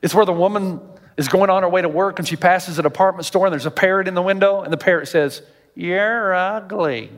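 High-voiced pastor preaching in a reverberant hall. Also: male voice, quick pace. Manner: animated, jokey storytelling, rising to near-shouts. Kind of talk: sermon.

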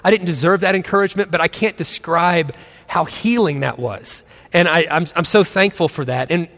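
A man's voice: a little high, normal speed, fairly bright tone, in a large hall. A man in his forties telling a story to an audience as a co-host, acting out the quotes and laughing often. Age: 40s. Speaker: pastor co-host of a marriage and parenting session.

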